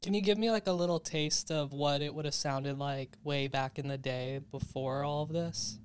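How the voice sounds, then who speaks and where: A man's voice: on the high side, steady tone, moderate pace, a little hiss or hum. An American man hosting a podcast, chatting casually and curiously, with lots of "like" fillers. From United States. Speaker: podcast host. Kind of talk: casual chat.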